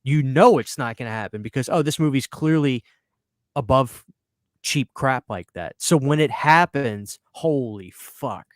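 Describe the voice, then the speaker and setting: A man hosting a podcast and chatting casually, excitable and profane, stumbling over repeated words when he gets worked up. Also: mid-range voice, moderate pace, no echo, studio quality. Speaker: podcast host. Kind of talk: casual chat.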